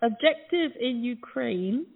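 Slow, lively woman on a phone line. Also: a little high, gravelly, crowd noise. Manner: playful, prompting, quick with teasing remarks. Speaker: talk show co-host. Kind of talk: casual chat. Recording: phone-like streaming audio.

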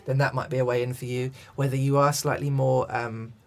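Male coach, mid-pitched, thoughtful and rambling. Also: flat delivery, fairly quick, vocal fry. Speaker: accent coach and director. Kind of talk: interview conversation.

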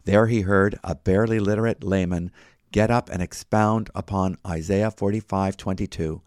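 A man reads a Bible teaching in a steady, measured way, pausing to cite chapter and verse. His voice is very low. The sound is dry and close, with no echo. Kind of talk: read sermon.

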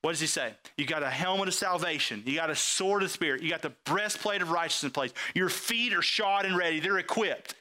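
A man's voice: fairly quick, hardly any pauses, sharp tone. A man preaching a sermon, asking the audience questions and swinging his delivery up and down for emphasis. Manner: call-and-response questions, emphatic swings in pitch.

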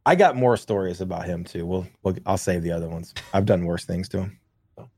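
A man's voice: sits low, a little fast, husky. A man co-hosting a podcast, telling rambling, profane stories from his country childhood in a casual chat. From grew up in the countryside. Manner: rambling, profane, animated storyteller. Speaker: podcast co-host.

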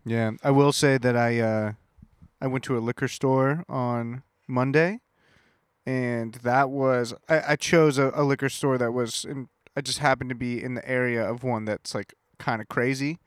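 A man's voice: mid-range voice, moderate pace, clean tone, no room sound, clean studio sound. A man co-hosting a podcast in casual chat, telling stories with lots of swearing and acting out the people he met. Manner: animated storyteller, profane, acts out people he met. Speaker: podcast co-host.

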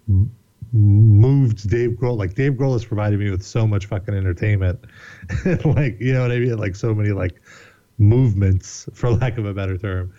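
Mellow-voiced guy on a podcast, rambly and swears a lot, kinda dull sound. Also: fairly low pitch. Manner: rambling, animated, swears often, laughs a lot. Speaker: podcast guest. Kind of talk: casual storytelling.

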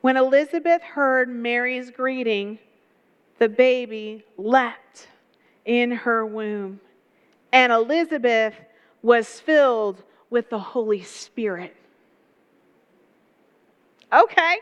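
A woman preaching a sermon, telling the story in a lively way with folksy asides. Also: fairly high pitch, takes it slowly, clear, resonant tone, big-room sound, muffled recording.

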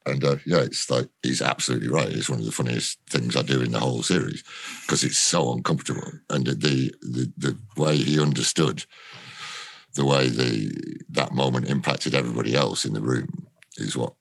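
A middle-aged man tells a rambling backstage story, swearing freely as he goes. His voice is extremely low, with a gravelly, husky edge. The recording is dry and close, with no room sound. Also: fairly even intonation, a little fast, no echo. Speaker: actor guest. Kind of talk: casual interview anecdote.

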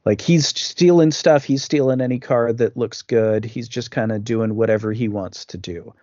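A man's voice: mid-range voice, moderate pace, dark tone, no room sound. Man, podcast co-host, casual film analysis, stumbles over first words, dry sound, slightly muffled. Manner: analytical, makes pop-culture comparisons, repeats words when starting. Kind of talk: casual film discussion chat.

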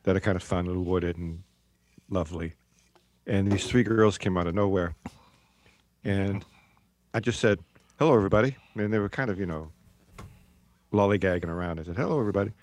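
A man from the United States chatting on a radio show, telling a story in a halting way. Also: deep voice, steady tone, no room sound. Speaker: co-host guest living in England. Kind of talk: casual radio chat.

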